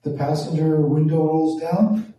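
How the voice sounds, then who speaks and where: A man from Toronto telling a profane, animated stand-up story, acting out the voices in quotes. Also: fairly high pitch, unhurried. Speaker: stand-up comedian. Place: small performance room. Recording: echoey room from far off.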